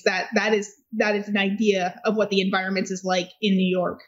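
A woman's voice: mid-range voice, level tone, brisk, hardly any pauses, lo-fi sound. A woman attorney talking as a guest in a legal discussion, speaking emphatically and articulately, with dry sardonic asides.

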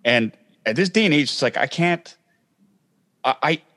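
A man's voice: on the high side, moderate pace. A Canadian man, a guest actor, telling a story in casual chat and acting out the lines people said. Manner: animated anecdote-telling with acted-out quotes.

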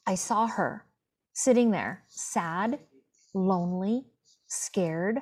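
A woman's voice: medium pitch, extremely slow, a little mellow. A woman in her fifties telling a personal story as an interview guest, heartfelt and emphatic, often restarting her words. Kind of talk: casual interview chat.

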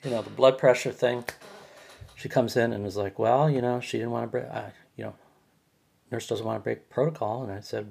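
Male host, middle-pitched, husky; rambling, agitated personal monologue. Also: normal speed, a little mellow. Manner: rambling, repeats and restarts words; agitated, complaining. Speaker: podcast host.

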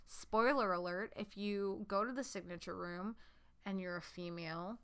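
Animated bright-voiced woman in her thirties. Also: medium pitch, moderate pace, smooth. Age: 30s. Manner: animated, swears freely. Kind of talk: casual storytelling chat.

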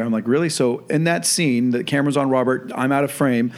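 Man, podcast host, film director, rapid casual storytelling, acts out quoted dialogue. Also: medium pitch. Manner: animated anecdotes with quoted dialogue.

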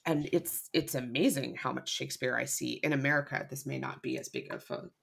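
Woman drama teacher, low gravelly voice, a bit husky, emphatic podcast chat. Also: a little fast. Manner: emphatic, animated storytelling with many fillers; acts out quoted people. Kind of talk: casual podcast discussion.

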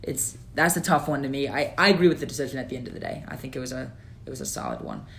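A man co-hosting a casual sports podcast, opinionated and animated, with lots of fillers. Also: mid-range voice, rapid-fire, gravelly. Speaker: podcast co-host.

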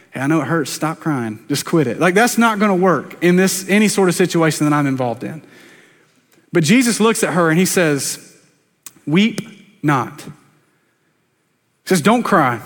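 High-voiced pastor preaching in a church. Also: male voice. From South Carolina, US. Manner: conversational, self-deprecating preaching with quick asides to the congregation. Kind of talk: sermon. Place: church sanctuary. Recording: long church reverb.

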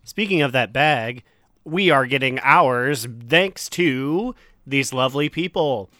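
A man co-hosts a casual podcast while sick with a cough. His voice is bright and forceful, and it sounds dry and close to the mic. He reads the supporter list in a joking tone. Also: medium pitch, animated, dry recording. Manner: jokey, reads supporter names quickly. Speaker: podcast co-host.

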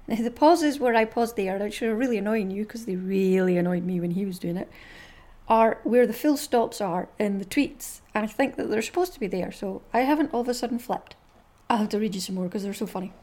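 A woman's voice: medium pitch, moderate pace, a little mellow. A woman with a Scottish accent hosting a casual chat podcast, chatty and bubbly, laughing often. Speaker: podcast host.

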